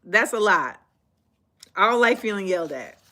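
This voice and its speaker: A woman hosting a live stream, chatting casually and telling a story in a sassy, animated way, acting out the dialogue. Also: mid-range voice, moderate pace. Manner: animated, sassy, acts out quoted exchanges. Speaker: livestream host.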